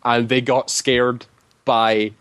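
A man's voice: medium pitch, flat delivery, slow pace, fairly bright tone, clear, resonant tone, dry recording. Casual male storyteller, rambling delivery full of fillers, dry close sound. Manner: rambling, heavy use of "like" fillers. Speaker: tabletop game player.

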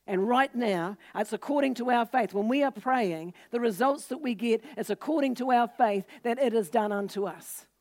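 A woman's voice: moderate pace, hardly any pauses, darkish tone. A woman preaching a sermon, teaching earnestly and acting out scripture scenes with lifted voices for quoted speakers. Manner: voices quoted people with lifted pitch and force.

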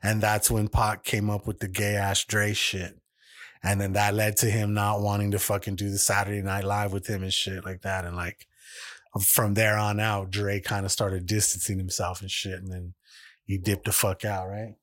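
A man's voice: on the low side, flat delivery, normal speed, a bit bright. A man co-hosting a podcast, rambling through a profane story in casual chat and acting out the quoted voices. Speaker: podcast co-host.

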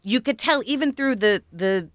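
A woman's voice: fairly high pitch, expressive, normal speed, no echo, clean studio sound. A woman hosting a podcast, telling stories in a rambling, wry, casual way. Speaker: podcast host.

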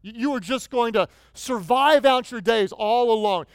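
Guy preaching a sermon, high-ish smooth voice, dry close sound, gets loud and animated. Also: moderate pace, few pauses, no room sound. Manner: animated storytelling, rising to near shouts. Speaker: pastor.

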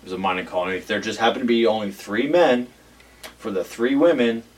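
A man with a fairly low voice recaps a TV episode in casual podcast chat. He rambles with lots of "like" and slips into quoting the characters. He sounds a little distant from the mic. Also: fairly quick. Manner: rambling, filler-heavy, acts out quotes. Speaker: podcast co-host. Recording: voice a bit off-mic.

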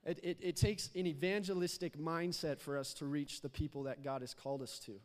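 A young man delivers a sermon in a fairly high voice, chatty and loose, stumbling over repeated words and coaxing the congregation to respond. His voice carries a long reverb tail from the church sanctuary. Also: fairly even intonation, a little fast. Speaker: youth pastor.

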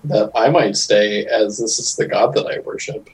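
A man's voice: lowish voice, normal speed, breathy edge, low-quality recording. A man playing a tabletop game, speaking in a thoughtful, agreeable way. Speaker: player. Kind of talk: casual tabletop play.

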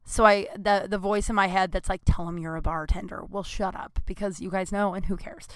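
A woman's voice: medium pitch, steady tone, brisk, dry recording, studio quality. A young adult woman comedian telling a rambling, chatty story with self-deprecating asides. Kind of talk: comic storytelling.

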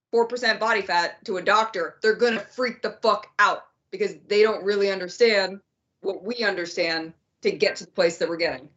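A woman's voice: mid-range voice, fairly bright tone, muffled recording. A woman co-hosting a podcast who competes in physique shows, talking in a blunt, profane, emphatic way. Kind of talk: casual podcast chat.

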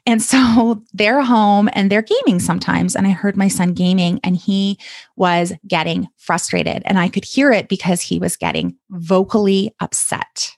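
A woman's voice: mid-range voice, steady tone, a little slow, gravelly, no echo. A woman in her thirties from Canada, a coach talking on a podcast in an encouraging, reassuring way. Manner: warm encouraging coaching talk. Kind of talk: podcast monologue.

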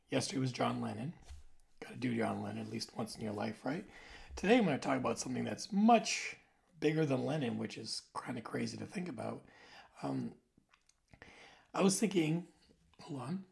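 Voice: medium pitch, sing-song, normal speed, long pauses, a little mellow. A vlogger in their forties talking casually to the camera in a rambling, loose way, trailing off and correcting themself. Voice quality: very gravelly, creaky voice.

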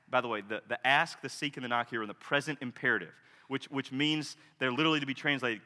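Male preacher, passionate sermon delivery, bright, forceful tone, long reverb of a large church. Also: mid-range voice, expressive, quick pace, few pauses. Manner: passionate, swings from loud declarations to hushed intensity.

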